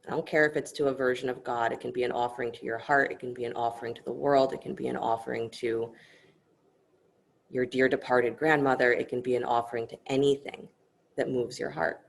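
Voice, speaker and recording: A woman yoga teacher guiding an online class, speaking softly and gently and telling a story as she instructs. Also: a bass voice, steady tone, fairly quick, creaky, slight background noise. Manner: soft-spoken, gentle and instructive.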